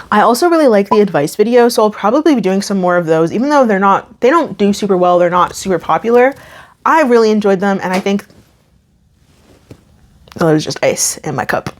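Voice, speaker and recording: A woman's voice: mid-range voice, a little mellow. Chatty young woman vlogger. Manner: chatty, emphatic, self-interrupting. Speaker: YouTube creator. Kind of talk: casual chat to camera.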